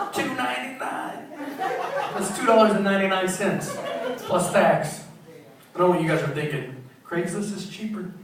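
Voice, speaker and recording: A man's voice: sits high, distant mic. A man doing a brash stand-up set on a comedy club stage, teasing people in the audience. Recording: echoey club recording from afar, loud crowd. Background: crowd laughter.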